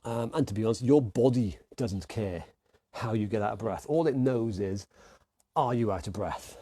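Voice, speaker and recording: A man's voice: on the low side, normal speed, warm tone, husky, no echo. A man coaching an online workout class, calling out moves and counting down with upbeat encouragement. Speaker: fitness instructor.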